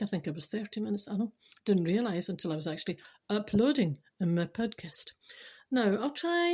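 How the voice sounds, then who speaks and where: A Scottish woman talks straight to her listeners in a loose, chatty monologue. Her voice is breathy and a little husky, sitting at an ordinary middle pitch. She wanders through little comic stories, circles back on her own words and laughs along as she goes. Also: mellow. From Scotland. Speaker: podcast host.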